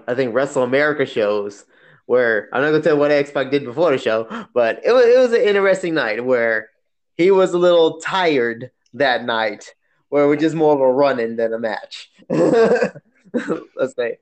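A man's voice: medium pitch, normal speed. A man co-hosting a casual chat, telling stories with frequent laughter. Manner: laughing often, animated storytelling.

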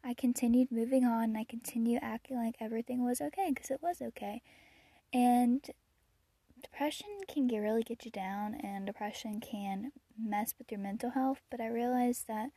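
Chatty teenage girl, husky and mellow. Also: fairly high pitch, no echo. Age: teens. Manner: rambling, chatty, with frequent fillers and soft laughs. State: a little out of breath. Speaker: podcast host. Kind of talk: casual personal chat.

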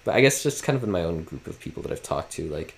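In a relaxed podcast conversation, a twentysomething co-host rambles along, leaning heavily on "like" and other fillers. He talks fast in a low voice with big swings in pitch.

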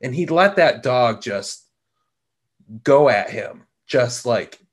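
Slow, measured middle-aged man. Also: medium pitch, animated. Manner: slow, measured, pausing often with repeated words. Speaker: podcast host. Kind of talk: reflective spoken talk.

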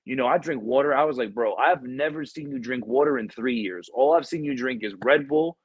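A man's voice: mid-range voice, a little fast, breathy edge, no room sound, highs cut off. Podcast host, young man, slangy and profane, close dry sound. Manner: slangy, profane storytelling with many fillers. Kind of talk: casual chat.

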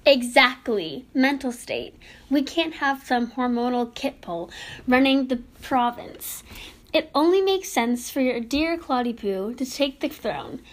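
A clueless, scheming queen mother chatters on in an airy, high voice, cheerfully oblivious to how foolish she sounds, as a woman plays her in a comedy skit. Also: lively intonation, unhurried.

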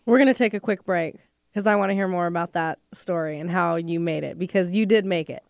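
A woman's voice: on the low side, fairly quick, vocal fry, no room sound, clean studio sound. A woman hosting a radio talk show, encouraging her guest with frequent short replies. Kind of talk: radio interview.

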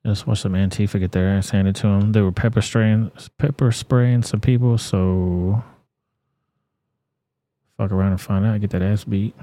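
A man's voice: fairly low pitch, steady tone, moderate pace, warm tone, dry recording. A man hosting a casual livestream, reacting to videos and reading chat with crude, blunt, profane talk. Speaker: livestream host.

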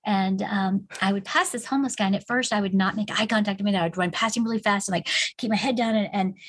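A woman's voice: mid-range voice, fast, breathy edge, poor audio. A middle-aged woman in casual conversation, telling a long personal story with many fillers and restarts.

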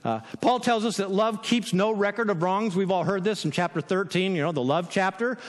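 A man's voice: high voice, brisk, long reverb tail. A man preaching a sermon in a casual, conversational way, often checking in with "right?" and laughing now and then. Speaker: pastor.

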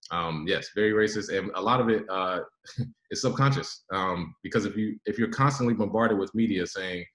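A man's voice: fairly low pitch, moderate pace, a bit bright, roomy sound, rough recording. A man, a guest author, explaining his ideas earnestly in a podcast interview.

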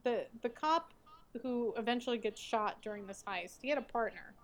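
A woman's voice: fairly high pitch, lively intonation, moderate pace. Wry chatty woman podcast co-host. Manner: wry, chatty, recapping a show. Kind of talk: casual chat.

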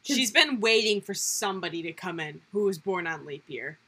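A young woman co-hosting a podcast in casual, animated chat. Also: mid-range voice, normal speed, husky. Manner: animated, reactive. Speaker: podcast co-host.

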